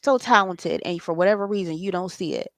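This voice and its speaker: A woman's voice: on the low side, a little fast, no room sound. A woman, hosting a spiritual late-night talk in an impassioned, preachy way and swearing freely. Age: 40s. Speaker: spiritual host.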